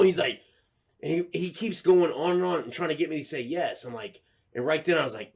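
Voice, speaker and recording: A man's voice: fairly high pitch, normal speed, husky. A man on a podcast telling a funny story in a casual way, swearing and acting out his own lines with laughter. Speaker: podcast co-host.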